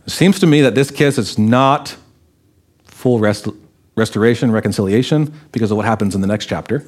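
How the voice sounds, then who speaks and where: A man, a pastor, preaching a sermon, animatedly acting out the voices of the people he quotes. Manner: animated, acts out quoted voices with raised pitch.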